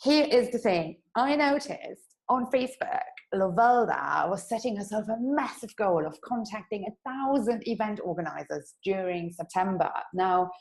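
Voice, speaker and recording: A woman's voice: mid-range voice, expressive, normal speed, creaky, few pauses, low-quality recording. A woman hosting a casual podcast interview, bubbly and enthusiastic, laughing easily. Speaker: podcast host.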